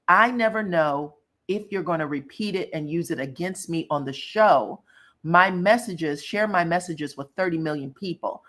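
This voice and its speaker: A woman's voice: low-pitched, a bit bright. A woman hosting casual pop culture commentary, sassy and blunt, cussing freely as she reacts.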